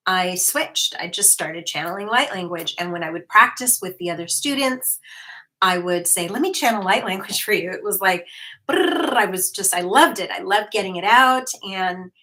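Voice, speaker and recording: A woman hosting a casual livestream talks slowly, with many pauses and fillers. Her voice is bright and clear and keeps a relaxed, chatty flow. She talks straight to her viewers and reads their comments aloud. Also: lowish voice. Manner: chatty, with frequent fillers and restarts. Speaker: host, hypnotherapist.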